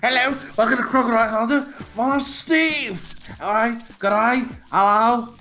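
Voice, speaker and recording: A man's voice: extremely high pitch, moderate pace, pushed and bright, pitched above the performer's own voice. A man doing a put-on Australian accent as a boisterous male wildlife-show host, greeting the audience over the top. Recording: music playing behind.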